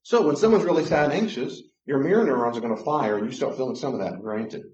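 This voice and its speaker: A man giving a teaching talk on relationships. He is animated and acts out the voices he quotes. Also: medium pitch, fast, a little hiss or hum. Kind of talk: lecture-style teaching. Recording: roomy, slightly dull sound.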